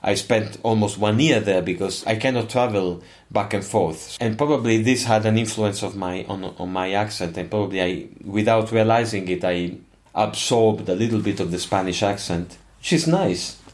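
An older man with an Italian accent, a non-native English speaker, answering interview questions in an expressive, emphatic and digressive way. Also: on the low side, moderate pace, hardly any pauses. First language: not English. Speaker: musician guest.

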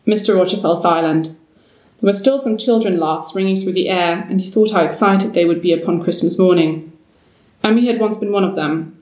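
A woman's voice: mid-range voice, a little mellow. Woman reading a story from afar. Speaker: narrator. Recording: roomy, distant mic.

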